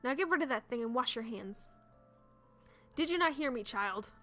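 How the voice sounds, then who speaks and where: A woman's voice: fairly high pitch, animated, moderate pace, pushed and bright, faint music behind. A woman playing a cold, stern royal mother.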